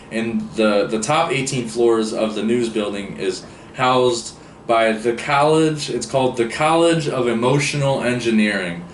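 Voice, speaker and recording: A man in casual book-review talk, rambling and restarting with frequent fillers. His mid-pitched voice sounds roomy and comes from some distance off the mic, with faint hiss behind.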